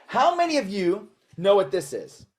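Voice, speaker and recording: Brief: male magician, showy self-mocking patter, animated pitch. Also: normal speed, a little hiss or hum. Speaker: magician performing for a live audience.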